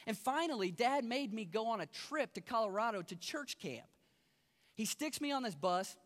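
Man, high voice, testimony sermon, storytelling, loud then hushed, long reverb. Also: moderate pace. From Kentucky. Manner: storytelling, swinging from loud and excited to quiet and low. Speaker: pastor giving his testimony.

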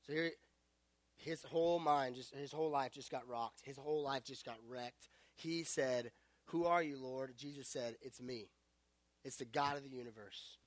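A young man preaching to a youth group, retelling a story in casual, animated words and joking along the way. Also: mid-range voice, normal speed, dry recording. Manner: casual, animated storytelling with self-aware jokes. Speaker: youth pastor.

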